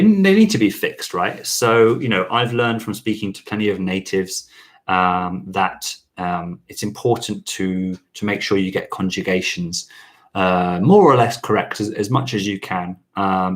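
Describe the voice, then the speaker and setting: Very low-voiced man hosting a chat. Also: measured pace. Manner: rambling with many fillers and restarts. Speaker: channel host teaching French. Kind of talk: relaxed Q&A chat.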